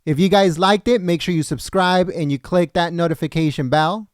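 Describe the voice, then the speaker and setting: A man hosting a political livestream speaks to his viewers in an earnest, chatty way. His voice sits fairly high and comes through smooth and clear. After hours on air it sounds a little worn, and the close mic leaves it dry. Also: fairly even intonation, moderate pace, no room sound. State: tired voice after a long stream. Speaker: livestream political commentary host. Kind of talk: casual livestream sign-off.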